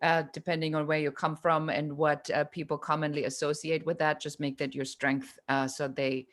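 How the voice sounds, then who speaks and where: A woman's voice: sits low, little pitch movement, normal speed. A woman with a German accent hosts and coaches in a casual video-call discussion, probing and encouraging with many repeated words. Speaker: host and coach.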